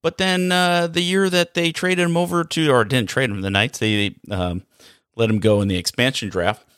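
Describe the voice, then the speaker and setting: A man's voice: medium pitch, moderate pace, smooth, no echo, studio quality. Sarcastic man ranting about hockey. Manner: animated, sarcastic, rhetorical questions. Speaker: hockey vlogger. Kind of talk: casual opinion rant.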